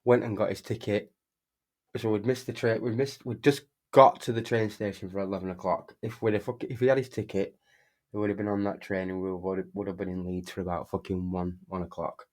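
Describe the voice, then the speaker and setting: A young man tells a long anecdote in a slightly low voice. He rambles, restarts his sentences and swears constantly, in a casual streaming chat. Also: fairly even intonation, a little fast, darkish tone. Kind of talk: casual storytelling while gaming.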